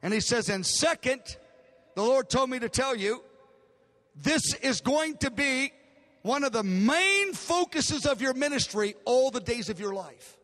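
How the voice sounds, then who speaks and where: An older man, a pastor, preaches a sermon in a large hall whose long reverb trails each phrase. His very high, slightly bright voice has lively intonation and a slightly slow pace as he dramatically and emotionally recounts a story, voicing the dialogue.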